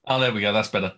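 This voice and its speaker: A man playing a tabletop game, speaking haltingly with many fillers. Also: fairly low pitch, bright, forceful tone. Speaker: player.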